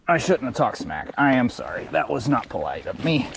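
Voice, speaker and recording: A gravelly-voiced man vlogging as he fishes, his pitch swinging all over the place as he gets excited. He chats away casually and coos at the fish on his line, outdoors by a creek with faint noise behind him. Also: a little fast, few pauses. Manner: excitable, chatty, talks to the fish. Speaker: fishing vlogger. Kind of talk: casual on-the-spot fishing vlog.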